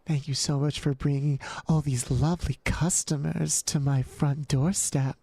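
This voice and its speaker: A man's voice: fairly high pitch, fairly even intonation, unhurried, vocal fry, mellow, no room sound, voice pushed down. A man putting on a sultry teasing mommy voice.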